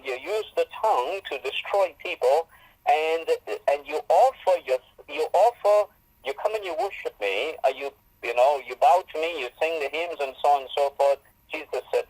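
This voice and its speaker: A man's voice: fairly high pitch, darkish tone, rough recording. A man giving a Bible teaching in a sermon style, emphatic and repeating phrases for stress.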